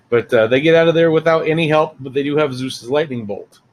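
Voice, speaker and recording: A man's voice: fairly high pitch, slight background noise, low-quality recording. A man giving a casual, rambling spoiler review of a film, full of fillers and asides. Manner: rambling, chatty, many fillers.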